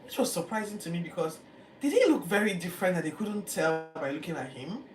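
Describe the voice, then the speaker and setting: A Bible teacher, retelling scripture in a lively, chatty way with acted-out quotes. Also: mid-range voice, a little fast. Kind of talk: casual Bible-reading commentary. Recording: echoey room, distant mic, background noise.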